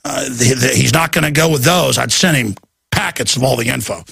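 Raspy, forceful ranting man. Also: medium pitch, a little fast, dry recording. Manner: ranting, emphatic and urgent. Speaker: talk show host. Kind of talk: heated talk radio monologue.

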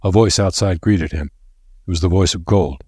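Deep husky man narrating a story. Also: no room sound, studio quality. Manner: steady measured reading. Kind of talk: audiobook narration.

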